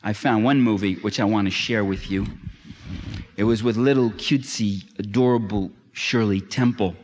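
A man's voice: on the low side, fairly even intonation, moderate pace, a little mellow. A man giving a public lecture, emphatic and sardonic, building to impassioned climaxes. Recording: long hall reverb.

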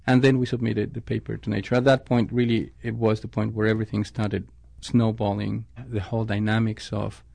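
A man's voice: fairly low pitch, little pitch movement, brisk, creaky, few pauses, a little mellow, dry recording. A man, a scientist, answering interview questions thoughtfully, often restarting his sentences. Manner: thoughtful, with frequent restarts and self-corrections.

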